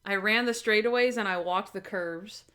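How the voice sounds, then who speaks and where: A woman co-hosting a podcast, chatting casually and retelling scenes in animated bursts. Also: mid-range voice, normal speed. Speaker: podcast co-host. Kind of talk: casual chat.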